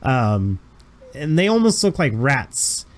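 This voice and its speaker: A man's voice: mid-range voice, big pitch swings, takes it slowly, a little hiss or hum. A man running a tabletop role-playing game as game master, narrating scenes in a casual, descriptive way. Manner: casual, descriptive, chuckling asides.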